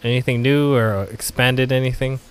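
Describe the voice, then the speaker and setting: This podcast co-host has a clear, resonant, medium-pitched voice with fairly even intonation, speaking at normal speed. He jokes around and laughs in the casual chat, frequently slipping into exaggerated put-on lines.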